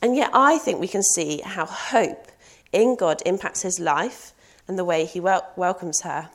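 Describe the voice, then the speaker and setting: A young woman gives a sermon, speaking earnestly and personally. Her voice sits a little low for a woman, and she keeps turning to questions for her listeners. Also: measured pace. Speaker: preacher.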